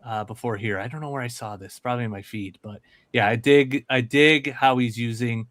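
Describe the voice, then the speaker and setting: A man's voice: medium pitch, steady tone, fairly quick, fairly bright tone, dry recording. A man co-hosting a casual online show, easygoing and full of "yeah" and "all right" as he reviews photos. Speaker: podcast co-host reviewing toy photos. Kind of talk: casual chat.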